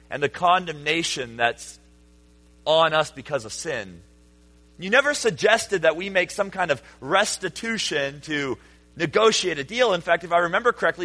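A man pastor preaching a sermon, swinging between hushed, quiet passages and loud, shouted peaks. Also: sits high.

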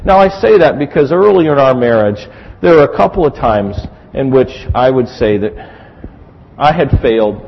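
Animated husky-voiced pastor preaching. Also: male voice, medium pitch, normal speed. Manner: animated storytelling, acts out voices. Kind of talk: sermon. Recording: dull recording with long hall reverb.

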